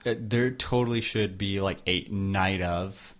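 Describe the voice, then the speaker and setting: A man's voice: low-pitched, a little slow, very noisy. A man co-hosting a casual podcast, giving laid-back commentary full of profanity and laughs. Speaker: podcast co-host. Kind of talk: casual chat.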